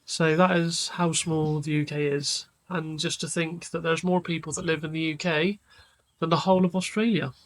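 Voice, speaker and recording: Chatty man, slightly high voice. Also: normal speed, poor audio. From England. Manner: rambling, relaxed, lots of fillers. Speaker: vlogger. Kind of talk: casual chat.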